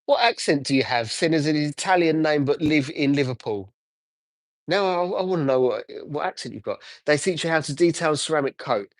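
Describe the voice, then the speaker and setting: A man with a slightly high voice chats easily while he works on a car, answering viewer comments as he goes. The sound is dry and close, picked up on a phone outdoors. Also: animated, fairly quick, no room sound. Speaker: car detailer livestreaming. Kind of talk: casual live chat while working.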